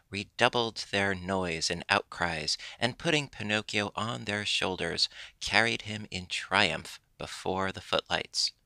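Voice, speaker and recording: Male audiobook narrator, low voice, gravelly, very bright tone, dry close sound. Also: no echo. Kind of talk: scripted storybook narration.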